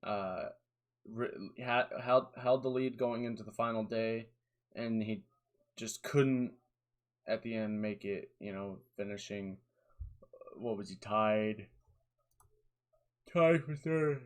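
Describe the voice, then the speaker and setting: A man's voice: lowish voice, fairly even intonation, takes it slowly. A young man in his twenties giving rambling, tired solo commentary on fantasy golf picks, with lots of fillers and restarts.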